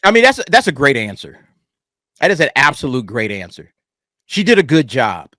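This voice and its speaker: A man's voice: medium pitch, huge pitch swings, normal speed, sharp tone, no room sound, studio quality. A man hosting a casual reaction commentary, talking animatedly and profanely back at a clip. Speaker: commentary channel host.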